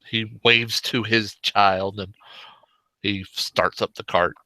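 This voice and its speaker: A man narrating a tabletop game as game master, unhurried and full of fillers. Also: lowish voice, steady tone, bright, forceful tone, no room sound, low-quality recording.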